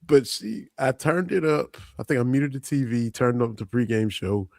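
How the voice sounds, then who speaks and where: A man's voice: mid-range voice, normal speed, vocal fry, a little mellow, dry recording. A man co-hosting a casual sports talk show who tells anecdotes with a laugh. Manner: storytelling, laughing, acts out quotes. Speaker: podcast co-host.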